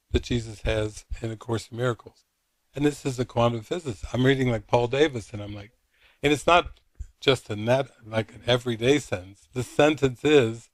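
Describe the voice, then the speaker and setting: A man's voice: mid-range voice, no echo. Guy at a retreat telling a long story, lots of "like" and restarts, mid voice. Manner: anecdotal, retells dialogue with many fillers. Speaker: spiritual teacher.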